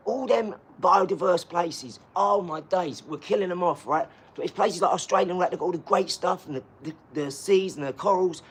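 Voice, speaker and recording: A man's voice: sits high, a bit bright, a little hiss or hum. A man chatting on a live stream from his garage gym, talkative and boastful, full of enthusiasm and rambling asides. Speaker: fitness streamer.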